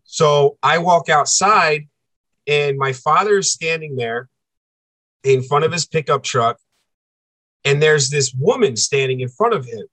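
Male interview guest, earnest and halting storyteller; slightly raised pitch, dry recording. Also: animated, a bit bright, dry recording, rough recording. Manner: earnest, halting, repeats himself for emphasis. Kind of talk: personal storytelling.

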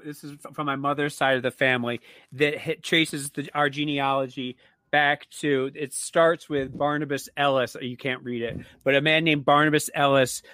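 A man's voice: medium pitch, fairly bright tone, no room sound. A man in casual chat, telling a story plainly and without hurry.

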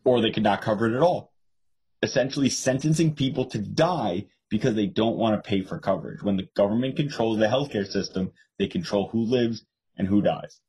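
A man's voice: lowish voice, expressive, brisk, a little mellow, breathy edge, rough recording. A young man co-hosting a casual political podcast, telling stories and mimicking others in a raised voice. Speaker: podcast co-host.

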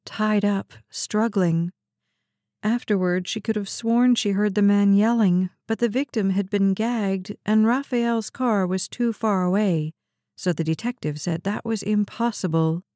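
Female audiobook narrator, steady even read, warm dark tone, dry studio sound. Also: medium pitch, dry recording. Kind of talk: scripted narration.

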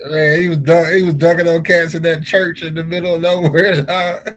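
A man's voice: a little high, little pitch movement, normal speed, highs cut off, crowd noise. A man co-hosting a podcast, joking and laughing in casual banter. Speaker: podcast co-host.

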